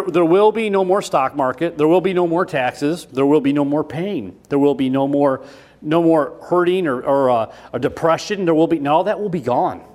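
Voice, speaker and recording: A man preaching a sermon in a folksy, repetitive way, switching between loud emphasis and quiet asides. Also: fairly high pitch. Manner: folksy, repeats himself with restarts.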